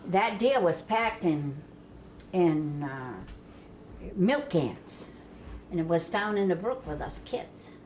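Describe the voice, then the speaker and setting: A woman's voice: on the low side, lively intonation, slow, darkish tone, a little hiss or hum. An older woman from Vermont, telling family stories in a casual, folksy way and laughing along with them. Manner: folksy, laughs through her own stories. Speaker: storyteller guest.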